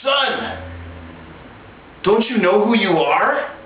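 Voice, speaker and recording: A man voicing a stern, gruff old male lion who urges a young lion to see who he is, recorded through a tinny, echoey line from a distance. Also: sits high, lively intonation, very slow, slight background noise, voice pushed up, heavily acted. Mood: urging. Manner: urging, questioning.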